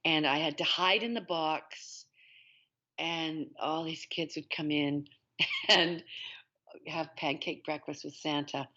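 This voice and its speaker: A middle-aged Canadian woman, an actress, telling lively stories in a casual interview and laughing often. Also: low-pitched, slow pace. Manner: animated storyteller, laughs often. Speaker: actress guest. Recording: dull lo-fi sound.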